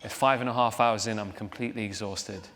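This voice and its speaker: A man's voice: lowish voice, fairly even intonation, quick pace, fairly bright tone. Young man, chatty, in a reverberant hall. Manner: chatty, laughing, self-deprecating, with restarts. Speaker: actor guest. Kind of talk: onstage interview. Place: large theater hall, live audience.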